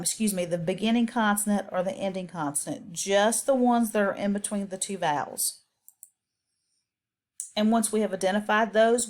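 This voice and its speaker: A woman teacher talks through a reading lesson in a patient, step-by-step way. Her voice sits at a middle pitch, and she adds the odd um as she explains. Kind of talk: instructional voice-over.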